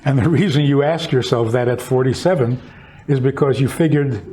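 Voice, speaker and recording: A man's voice: fairly quick, warm tone. A man, a rabbi, teaching in conversation, reflective and fond of telling stories, raising his voice when he acts out quotes. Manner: storytelling, reflective, acts out quotes with raised pitch.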